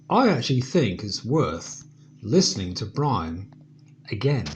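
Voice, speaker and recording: A man's voice: lowish voice, sing-song, a little slow, background noise. A man reciting a comic verse monologue as a birthday tribute, with hesitant asides in between.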